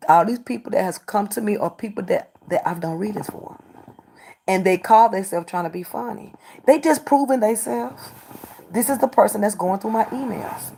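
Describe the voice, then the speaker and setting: Woman, livestreamer, confrontational, repetitive, scolding chat, mid pitch. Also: creaky, a little mellow, husky. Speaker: livestreamer doing readings.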